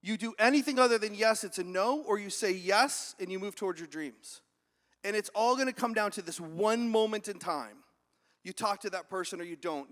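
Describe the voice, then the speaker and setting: Man, keynote speaker, high bright voice, lively storyteller, stage mic in an echoey hall. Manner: high-energy, acts out quoted voices, questions the audience. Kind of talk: motivational keynote. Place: large event hall with audience.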